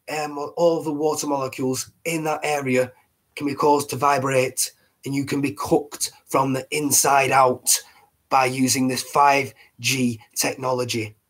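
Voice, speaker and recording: A British man with a husky, chesty voice hosting a live online show in a rambling, casual way, often restarting his words. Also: a little high, low-quality recording. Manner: rambling, repeats and restarts words, laughs at himself. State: chesty, a bit hoarse. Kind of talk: casual live-stream talk.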